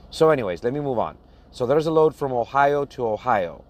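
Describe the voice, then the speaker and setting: A box truck owner-operator vlogger talks casually to his viewers while reading a list of places, chuckling at names he can't pronounce. His medium-pitched voice is expressive, and he speaks slowly and plainly.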